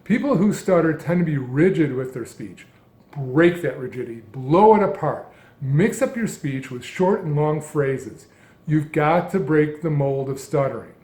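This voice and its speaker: A man giving a calm, measured lesson as a speech coach, speaking in deliberate phrases. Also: on the high side, roomy sound. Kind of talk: instructional narration.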